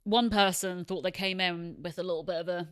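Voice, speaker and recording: A woman co-hosting a casual sports chat. She is bubbly and animated and giggles often. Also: lowish voice, fairly quick, clean tone, dry recording, studio quality. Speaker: co-host.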